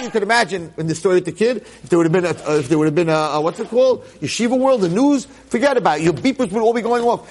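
Male rabbi lecturer, slightly raised pitch; conversational storyteller with dramatic swings from quiet to loud. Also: quick pace. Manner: dramatic, swings from hushed to excited exclamations; conversational, with frequent asides.

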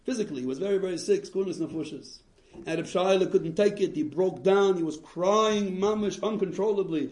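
A man giving a talk to parents, telling stories in an animated way, mixing in Yiddish and Hebrew phrases. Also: a little high, reverberant. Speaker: rabbi giving encouragement to parents. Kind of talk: Yiddish-laced storytelling talk.

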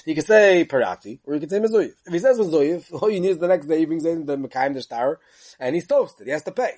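Animated man giving a lecture. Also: on the high side. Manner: animated sing-song learning chant, quick asides, rhetorical questions. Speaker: Talmud teacher. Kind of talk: yeshiva-style Talmud lecture.

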